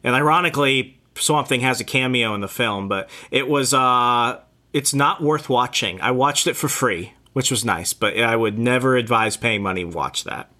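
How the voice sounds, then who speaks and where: A man's voice: medium pitch, moderate pace, pushed and bright. A man co-hosting a podcast, chatting casually and giving wry opinions. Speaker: podcast co-host. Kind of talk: casual banter.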